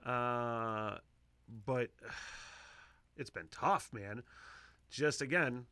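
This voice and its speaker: Bright-voiced, profane male podcast host. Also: very slow, smooth, no echo. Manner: profane, rambling, swings between loud excitement and low mutters. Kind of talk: casual solo podcast monologue. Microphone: close podcast microphone.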